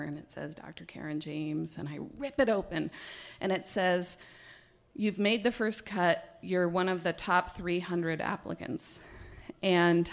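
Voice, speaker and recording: Lady giving a talk, kinda low and gravelly, animated storyteller. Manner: animated, laughing storyteller who acts out quotes.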